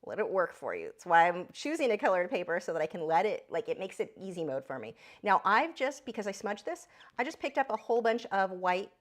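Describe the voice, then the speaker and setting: During a chatty live drawing lesson, a woman who teaches art occasionally breaks off to speak to her pet bird. When she addresses the bird, her voice turns high and squeaky.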